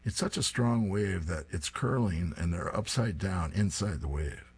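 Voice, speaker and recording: A man's voice: low-pitched, measured pace, husky. A man reading comic strips aloud, describing each panel in a plain, descriptive way. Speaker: reader.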